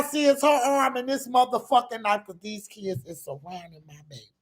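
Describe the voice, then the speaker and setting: A woman's voice: on the high side, animated, moderate pace, hardly any pauses. A middle-aged woman telling a personal story to her viewers in an emphatic, profane, casual way, often calling out to them directly.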